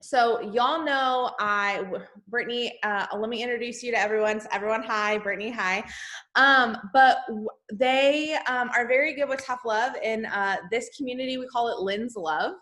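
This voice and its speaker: A woman with a fairly high voice gives an emphatic, motivational pep talk. She speaks into a laptop on a video call from home and talks straight to her team. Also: normal speed. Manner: energetic, emphatic, Southern-style "y'all" address. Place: home, indoors.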